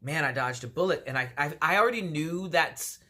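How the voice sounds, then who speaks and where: A woman's voice: low voice, lively intonation, fairly quick, bright, forceful tone. A woman from D.C. telling a personal story to camera as a vlogger, acting out both sides of the dialogue with lots of fillers. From Washington, D.C. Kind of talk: storytime monologue.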